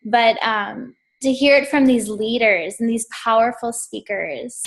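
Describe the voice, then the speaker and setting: A woman's voice: a little high, unhurried. A woman sharing an emotional, gushing story in casual talk on a team call. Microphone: call audio.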